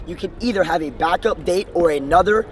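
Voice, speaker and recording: A man's voice: high voice, fairly quick. A young man from the Bahamas coaching viewers with earnest, enthusiastic sales advice. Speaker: sales trainer. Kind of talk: motivational coaching talk. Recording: distant mic, faint street noise.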